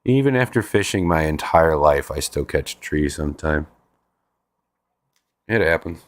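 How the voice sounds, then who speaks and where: A man's voice: very deep voice, expressive, moderate pace, no echo. A laid-back man hosting a casual livestream, chatting with viewers in a rambling way and repeating his words. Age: adult with a five-year-old. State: stiff sore neck. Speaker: livestream host. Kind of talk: casual chat reading viewer comments.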